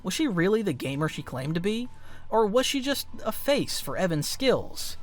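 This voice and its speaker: High, lively male documentary narrator. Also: normal speed. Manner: dramatic, emphatic storytelling. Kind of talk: scripted narration. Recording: faint music underneath.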